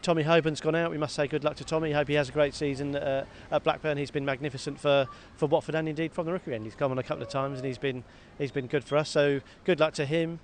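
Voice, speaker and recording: Guy on a footy podcast, slightly higher voice, bit of hiss in the background. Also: fast talker, hardly any pauses. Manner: animated, self-mocking, repeats words as he talks. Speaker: podcast co-host. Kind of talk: casual football chat. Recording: faint background noise.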